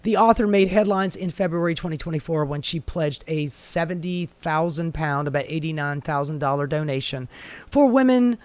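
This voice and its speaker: A man with a fairly high voice rants through a news story in sarcastic, profane commentary. His delivery is heated and mocking. The sound is dry and close, with no room around it. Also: normal speed, a little mellow, smooth, no echo. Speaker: commentary host.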